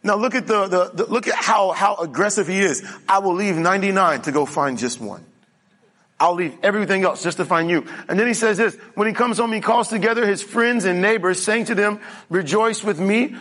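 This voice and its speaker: A man's voice: high-pitched, fairly bright tone, slightly rough. A male pastor preaching a conversational sermon, often checking in with the congregation. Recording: reverberant hall.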